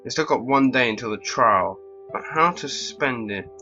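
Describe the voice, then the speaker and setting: A man giving casual game commentary and reading lines, with a wry, deadpan manner. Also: medium pitch, normal speed, faint music behind. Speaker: let's play host. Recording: dull lo-fi recording.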